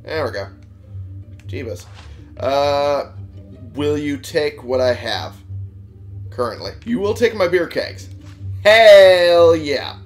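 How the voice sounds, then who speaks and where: A man's voice: a little high, lively intonation, takes it slowly, long pauses, soft background music. Sarcastic, swearing game commentator man. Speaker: gamer playing on a channel. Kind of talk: casual let's play commentary.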